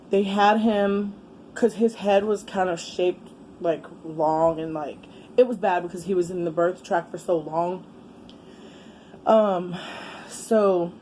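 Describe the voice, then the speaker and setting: A woman in her thirties with a warm, mellow voice tells a rambling personal story straight to camera. She is blunt and swears freely, leaning on plenty of fillers. A faint fan hum runs underneath. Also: medium pitch, rough recording. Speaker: vlogger. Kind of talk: casual story time while eating. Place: indoors with a fan running.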